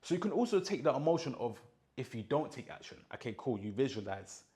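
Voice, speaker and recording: A man's voice: mid-range voice, big pitch swings, fairly quick, dark tone. A young man giving a casual motivational monologue, emphatic and full of slang, often checking in with his listener. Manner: emphatic, repeats points and checks in with "do you understand?". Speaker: mindset content creator.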